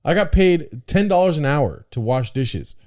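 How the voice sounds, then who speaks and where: A man's voice: fairly high pitch, expressive, moderate pace, dark tone. A man co-hosting a podcast in casual chat, blunt and profane, often stumbling over repeated words as he starts a sentence. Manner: blunt and profane, with stammered restarts. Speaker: podcast co-host.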